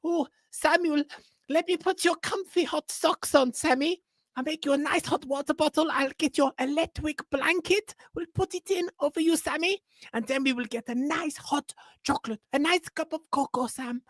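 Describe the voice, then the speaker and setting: A man's voice: very high voice, normal speed, a bit bright, no echo, clean studio sound, voice pushed up. A man doing an impression of a doting, fatherly middle-aged football manager, who talks in a coddling, sing-song way.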